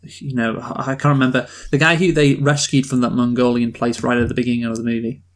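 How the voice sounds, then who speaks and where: A man's voice: medium pitch, little pitch movement, fast talker. Wry man leading a podcast chat. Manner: wry, leads the list of complaints. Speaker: podcast co-host. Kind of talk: casual chat.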